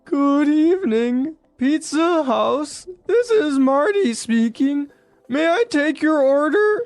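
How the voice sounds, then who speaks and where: A woman's voice: high-pitched, lively intonation, slow pace, darkish tone, faint music behind, exaggerated voice. A woman reading the part of a polite pizza shop clerk taking a phone order in a scripted dialogue. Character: polite young male pizza clerk Marty.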